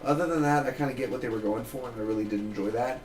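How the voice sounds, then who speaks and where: A man giving a loose, chatty review of a TV episode, retelling scenes with quick quoted asides. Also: medium pitch, a little mellow, reverberant. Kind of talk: casual solo review.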